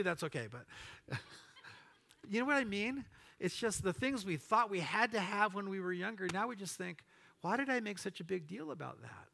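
Man, pastor, sermon, middle-aged, reads scripture, casual asides, high voice. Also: pushed and bright. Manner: expository preaching, reading verses aloud, casual asides to the congregation.

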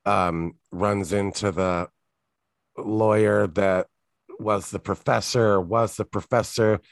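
Male podcast co-host, lowish voice, dry close sound, meandering casual chat full of ums. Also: steady tone, slow pace, gravelly, no echo. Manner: rambling, filler-heavy, self-correcting.

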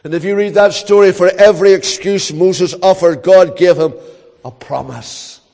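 Older man, Northern Irish accent, pastor's sermon, fairly high voice, long reverb of a hall. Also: creaky, darkish tone. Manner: earnest storytelling with dramatic pauses.

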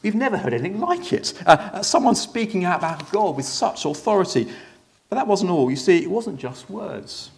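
In a full character voice that's high, sing-song, gravelly and a little fast, a man plays an ordinary congregation member within a sermon. In a first-person dramatic monologue, this jaded sermon-dozer tells how an unusual preacher amazed him, chatting like a storyteller with hesitant restarts.

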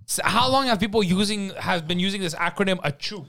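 A man co-hosting a comedy podcast, sarcastic and quick to mock and argue. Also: high-pitched, sharp tone. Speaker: podcast co-host. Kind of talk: casual comedy podcast banter.

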